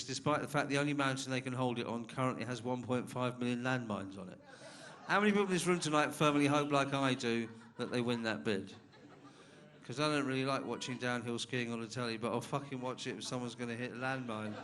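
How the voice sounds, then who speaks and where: A man's voice: mid-range voice, fairly quick. A man compering a stand-up night in a comedy club, trading dry banter with the crowd. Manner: dry crowd banter, rising to loud introductions.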